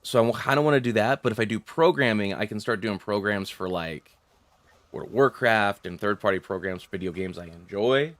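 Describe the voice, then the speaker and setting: A man's voice: on the low side, fairly quick, a bit bright, no echo. A man streaming a game and chatting casually, rambling and swearing, with frequent laughs and restarts. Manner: rambling, profane, laughs often, many restarts. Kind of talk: casual chat while gaming.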